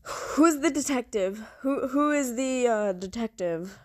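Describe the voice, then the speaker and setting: A woman's voice: lively intonation, a little slow. A young woman playing a murder mystery game, reacting dramatically with swearing, gasps and talking to herself. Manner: dramatic, swears and talks to herself, sudden high shrieks and gasps. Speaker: player.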